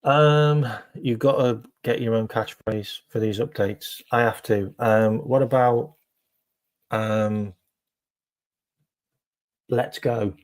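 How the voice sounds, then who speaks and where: A man's voice: mid-range voice, fairly even intonation, slow. A man hosting a casual live stream, chatting to viewers with lots of ums and repeated phrases.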